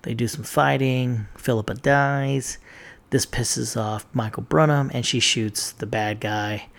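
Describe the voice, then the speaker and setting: Guy with a gravelly voice rambling thru a tv recap, swears a lot, lots of ums. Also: medium pitch, steady tone, a little slow. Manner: rambling, profane, lots of fillers. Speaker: TV recap vlogger. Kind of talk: casual spoken episode recap.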